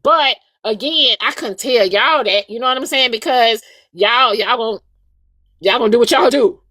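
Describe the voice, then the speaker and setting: A woman's voice: on the high side, moderate pace, pushed and bright, no echo. Woman host, casual live chat, emphatic and repetitive, dry close sound. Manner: emphatic, repetitive, addresses listeners as "y'all".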